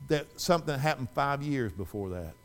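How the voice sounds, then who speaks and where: A middle-aged man preaching a sermon in a church, folksy, swinging from loud fervent exhortation to quiet storytelling. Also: medium pitch, lively intonation, moderate pace. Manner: folksy, repeats and restarts phrases.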